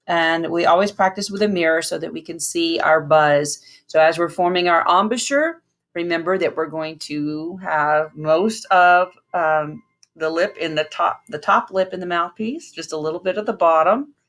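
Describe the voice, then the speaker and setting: Patient woman band teacher, lowish voice. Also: moderate pace, fairly bright tone. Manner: patient, counts aloud and demonstrates sounds. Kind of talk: instructional lesson with counting.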